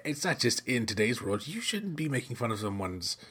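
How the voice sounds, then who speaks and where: A middle-aged man from the United States talks through his solo podcast in a loose, rambling way, full of fillers and restarted sentences. His voice has a husky, slightly rough edge, and it sits at an ordinary pitch for a man. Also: big pitch swings, fairly quick, pushed and bright. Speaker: podcast host. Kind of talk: casual solo podcast talk.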